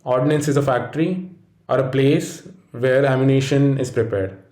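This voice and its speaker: A man reads out a pronunciation lesson, steady and explanatory. His voice is mellow and dark. The room around him is echoey. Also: medium pitch, moderate pace. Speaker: pronunciation teacher. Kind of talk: scripted instructional narration.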